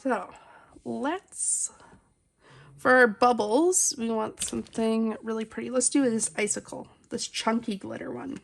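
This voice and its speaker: Chatty woman with a gravelly edge. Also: on the high side, a little slow. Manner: chatty and rambling, many fillers. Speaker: coloring vlogger. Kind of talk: casual chat while coloring. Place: at home, family nearby. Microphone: phone.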